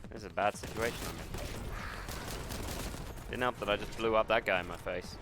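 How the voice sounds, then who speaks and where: Over game music and gunfire, a man streams a shooter and talks in a rambling, musing way, muttering at the game between thoughts. His voice is fairly low and fairly quick, and the background is noisy.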